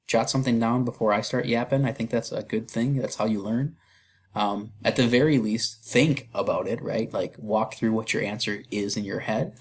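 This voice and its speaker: A man's voice: medium pitch, breathy edge. A man teaching a recorded chemistry lesson in a casual, chatty way, with fillers and self-deprecating asides as he works through problems. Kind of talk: recorded lecture walkthrough.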